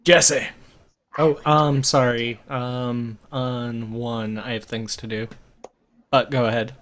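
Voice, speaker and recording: A man narrating as game master of a tabletop game, relaxed and hesitant, with many fillers. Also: medium pitch, takes it slowly. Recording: muffled lo-fi recording.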